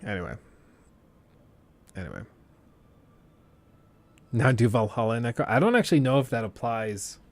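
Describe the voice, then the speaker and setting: A man's voice: mid-range voice, big pitch swings, normal speed, long pauses, no room sound. A man chatting casually on a live stream, rambling loosely and slipping into impressions of others.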